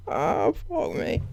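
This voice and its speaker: A woman's voice: high voice, gravelly, a bit bright. A woman reacting to a clip at home, exasperated, swearing and breaking into laughter as she comments. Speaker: online commentator.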